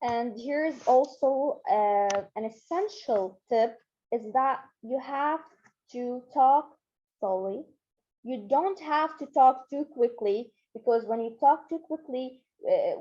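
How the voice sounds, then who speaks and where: A woman's voice: sits high, dark tone, highs cut off. A woman leading an online training lesson, talking in an encouraging way with many fillers and repeats. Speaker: Model UN trainer.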